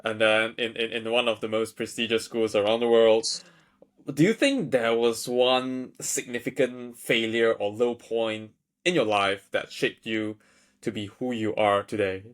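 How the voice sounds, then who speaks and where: A man's voice: medium pitch, fairly even intonation, a little slow. A man hosting an interview, encouraging his guest and praising his answers before asking reflective questions. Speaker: interview host. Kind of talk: casual interview conversation.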